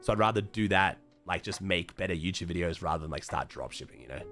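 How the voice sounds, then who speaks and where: A young Australian man with a thick, raspy, hoarse voice, pitched low for a man, chatting casually to his stream viewers. He swears freely and his sentences trail off quietly. Faint music plays underneath. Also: expressive, fast. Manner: loose and profane, trailing off quietly. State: hoarse from a chest infection. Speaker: streamer talking to chat. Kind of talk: casual livestream chat. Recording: faint music playing behind.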